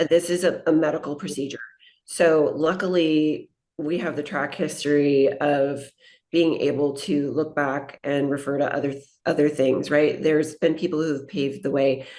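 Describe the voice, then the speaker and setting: A woman with a low, slightly mellow voice appears as a guest on a podcast interview. An aesthetic nurse, she shares reflective, heartfelt stories about her patients.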